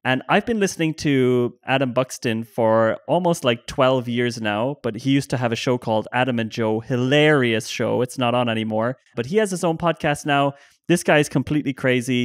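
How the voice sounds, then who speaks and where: A man's voice: medium pitch, smooth, no room sound, studio quality. A man with an Irish accent co-hosting a casual podcast chat, eagerly giving book and podcast recommendations. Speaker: podcast co-host.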